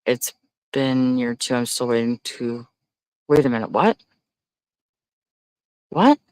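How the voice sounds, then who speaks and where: A man hosting a casual livestream, reading viewer comments aloud. He talks in a blunt, profane rant and breaks into loud, high-pitched disbelief. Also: takes it slowly, clean tone, no echo. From Canada. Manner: loudly incredulous, rises to high exclaims. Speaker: livestream host.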